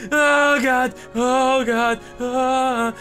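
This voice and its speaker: A man giving comedic gameplay commentary, excitable and mock-serious with crude jokes. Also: high voice, fairly quick. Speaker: gaming commentator. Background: background music.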